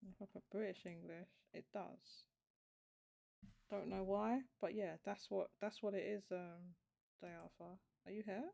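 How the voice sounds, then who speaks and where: A woman with a gravelly, creaky edge to her mid-pitched voice talks loosely on a home stream. She thinks aloud, trailing off and restarting as she works something out at her desk. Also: steady tone, measured pace, mellow. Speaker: show host. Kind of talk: casual livestream chat.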